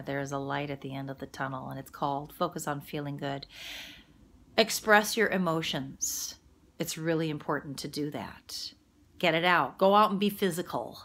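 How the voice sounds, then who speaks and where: A middle-aged woman life coach talking casually and warmly about feeling good, laughing at herself and sometimes dropping to a whisper. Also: low voice. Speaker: quantum healing practitioner and life coach. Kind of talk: casual motivational monologue.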